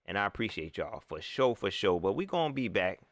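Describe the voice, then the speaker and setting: A man hosting a casual live-stream sports talk show, animated and repeating phrases, often laughing. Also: lowish voice, fairly quick, no room sound. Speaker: sports fan show host.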